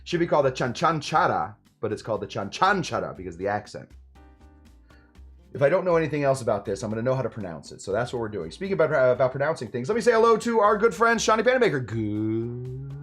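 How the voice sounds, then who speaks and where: A man in his forties, a bartender hosting a casual livestream, chatting with viewers in a lively way and stumbling over a tricky word. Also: mid-range voice, quick pace, husky, faint music behind. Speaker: host and bartender. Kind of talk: casual livestream chat reading viewer comments.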